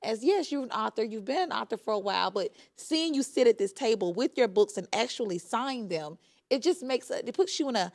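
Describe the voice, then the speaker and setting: A woman's voice: a little high, animated, a little fast, gravelly. A woman from Alabama with a Southern accent, a book tour organizer talking with enthusiasm. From Montgomery, Alabama. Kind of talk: casual interview.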